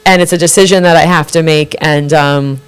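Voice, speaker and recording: A woman who reads tarot, a guest on a live studio talk show, telling anecdotes in a lively way, acting out quoted dialogue and swearing freely. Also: deep voice, fairly quick, clean tone. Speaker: tarot card reader, guest.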